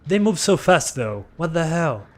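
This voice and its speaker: A man whose first language is Spanish, streaming a game in English, rambling in a relaxed, self-deprecating way and reading his chat aloud. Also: on the high side, measured pace. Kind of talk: casual gameplay chat.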